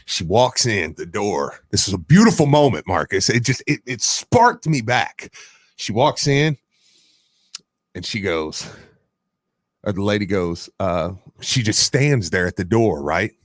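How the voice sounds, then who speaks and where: Radio co-host, male, lively storyteller with a dry studio sound. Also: lowish voice, unhurried, dry recording. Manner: animated storyteller, laughs often. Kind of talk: casual sports radio chat.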